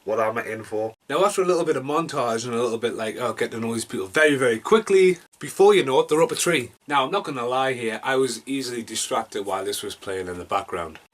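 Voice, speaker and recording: A man's voice: medium pitch, fast, few pauses. A man from Britain reviewing a movie casually, rambling and self-deprecating, with jokey asides and mumbled mutters.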